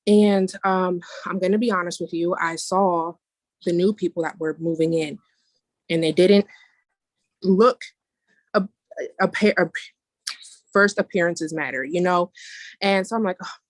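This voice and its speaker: A woman's voice: fairly low pitch, fairly even intonation, unhurried, pauses often, no echo. A woman on a video call sharing a personal testimony casually, rambling along with restarts and asides. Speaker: meeting member sharing a testimony.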